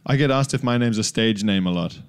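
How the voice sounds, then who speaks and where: A man's voice: on the low side, brisk, smooth. A man who does stand-up comedy, riffing playfully in a casual podcast chat.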